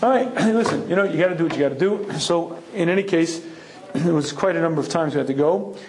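Throat-clearing male Torah teacher, higher voice. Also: quick pace, darkish tone, low-quality recording. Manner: keeps clearing his throat; emphatic, repeats phrases for effect. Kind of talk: Torah lecture with personal story.

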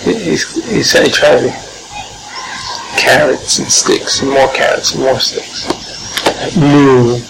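A man teaching an informal Torah class, animated and joking, sprinkling in Hebrew and Yiddish terms. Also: mid-range voice, takes it slowly, creaky, long pauses. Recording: noisy room recording.

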